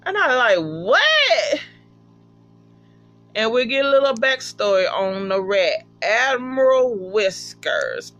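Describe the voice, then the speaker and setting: A vlogger casually recapping a TV episode, profane and animated, acting out the characters' lines. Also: mid-range voice, a little slow, hardly any pauses, muffled recording, faint music behind. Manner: profane, animated, acts out quotes. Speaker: TV episode reviewer.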